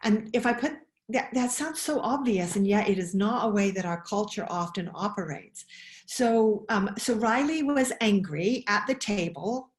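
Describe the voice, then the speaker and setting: Expressive woman giving a talk, roomy sound. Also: medium pitch, normal speed. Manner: expressive, acts out quoted voices, asks questions. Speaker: webinar speaker. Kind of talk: animated talk. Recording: roomy echo.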